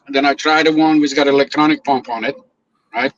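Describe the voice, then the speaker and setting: A man's voice: medium pitch, fairly quick. A man telling stories in casual chat, acting out the people he quotes and laughing often. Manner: animated storyteller, acts out quotes, laughs often. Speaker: guest videographer. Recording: dull lo-fi dry sound.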